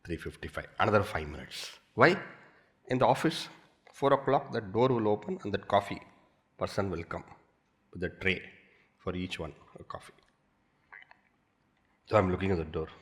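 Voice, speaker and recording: A man's voice: lowish voice, normal speed, long pauses. A man with an Indian English accent giving a spiritual discourse, telling everyday stories with playful repetition. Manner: animated storytelling with playful repetition. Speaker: swami, spiritual teacher.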